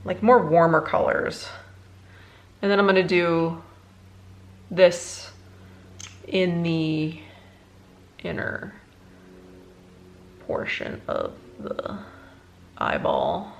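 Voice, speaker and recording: A young woman, a beauty vlogger, chatting casually through a makeup tutorial, rambling and halting, emotionally worn out. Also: fairly low pitch, steady tone, vocal fry, a little hiss or hum. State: emotionally exhausted.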